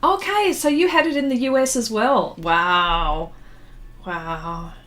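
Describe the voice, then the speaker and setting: On her art livestream, a middle-aged woman speaks slowly in a highish, slightly bright voice. She chats while drawing and reading viewer comments, rambling into reminiscences with lots of fillers and laughs.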